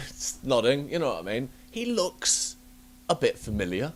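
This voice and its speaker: Young man, casual podcast host, storyteller, swears a lot, very lively pitch. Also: normal speed, slight background noise. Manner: animated storyteller, swears freely, laughs often. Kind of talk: casual chat.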